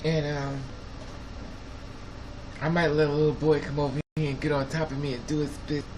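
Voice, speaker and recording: A man's voice: on the high side, little pitch movement, moderate pace. A man hosting a live stream in casual, blunt and profane chat, laughing often. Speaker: livestream host. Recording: clear background noise with passing traffic.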